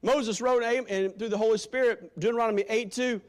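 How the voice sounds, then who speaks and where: A male preacher giving a sermon, quoting scripture in old-fashioned wording and swinging from shouted appeals to hushed, quiet lines. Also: very high-pitched, steady tone, a little fast. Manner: impassioned, swinging from loud shouting to hushed tones.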